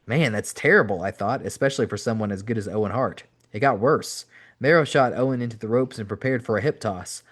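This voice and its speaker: A man's voice: fairly low pitch, a little fast. A man, a podcast host, reading an audiobook aloud in an amateur style, now and then correcting his own slips. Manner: steady reading with occasional self-corrections.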